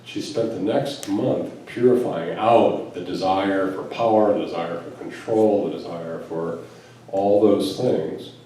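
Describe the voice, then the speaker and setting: With a low, dark voice and a measured pace, an American spiritual teacher and physician shares stories with a live audience, full of quoted dialogue and rhetorical questions. The recording comes from a distance in a large, echoing event room, with faint background noise.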